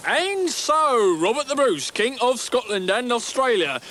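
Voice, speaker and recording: A man voicing a deadpan, mock-solemn history narrator. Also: very high-pitched, unhurried, slight background noise, heavily acted.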